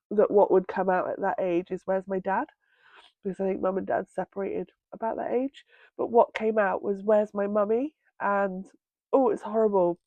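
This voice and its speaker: A woman sharing a personal healing story at home, talking in a tender, halting way with many pauses, tearful with red, itchy eyes. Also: mid-range voice, no echo, narrow, tinny audio. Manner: tender, halting, pausing often with ums. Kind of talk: reflective personal monologue. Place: indoors at home by a window.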